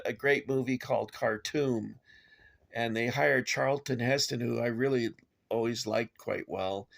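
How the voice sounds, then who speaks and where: A man's voice: mid-range voice, creaky. An older American man reviewing toys in a casual, rambling way, with frequent fillers and tangents. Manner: digressive, chatty, frequent filler words. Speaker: toy collector reviewer.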